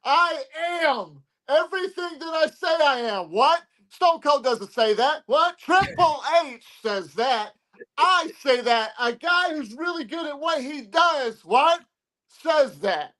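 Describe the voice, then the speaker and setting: A man's voice: extremely high pitch, animated, takes it slowly, sharp tone, rough recording. Cocky man cutting a brash promo. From Texas. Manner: cocky, interjects "What?" again and again. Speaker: wrestling promotion owner, guest. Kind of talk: brash wrestling promo talk.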